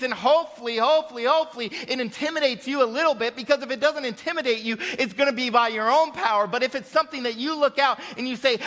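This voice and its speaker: A man preaching a sermon as pastor, emphatic, rising and dropping sharply in pitch and volume, with light laughs between points. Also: lively intonation, fast talker, a bit bright, big-room sound. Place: church sanctuary.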